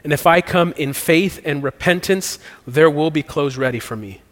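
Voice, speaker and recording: A man's voice: a little high, moderate pace. Earnest male pastor in a reverberant sanctuary. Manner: earnest, conversational preaching with casual slang. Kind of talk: sermon leading into communion and prayer. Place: church sanctuary. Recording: long hall reverb.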